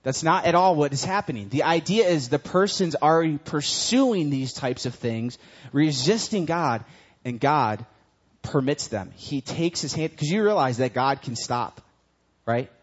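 Preacher, male, slightly high pitch, casual animated delivery, dull lo-fi recording. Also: unhurried, husky. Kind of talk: sermon.

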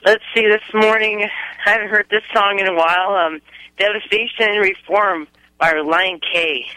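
Brief: excited teen male caller, high, bright voice, stumbles with enthusiasm. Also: normal speed, no room sound, low-quality recording. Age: teenager. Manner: eager, stumbling, friendly. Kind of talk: phone-in chat.

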